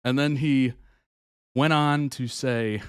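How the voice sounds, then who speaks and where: A man's voice: medium pitch, slow pace, smooth, no echo, clean studio sound. A man hosting a reaction video, casually retelling a reality show story, chuckling often and acting out other people's lines. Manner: chatty storyteller, chuckles often, quotes people in animated voices.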